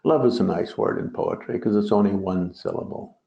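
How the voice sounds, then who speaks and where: A man's voice: fairly low pitch, fairly quick, creaky. A man teaching as a Buddhist teacher in a dharma talk, digressive and full of joking asides. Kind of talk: dharma talk on a translated poem. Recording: roomy, dull lo-fi recording.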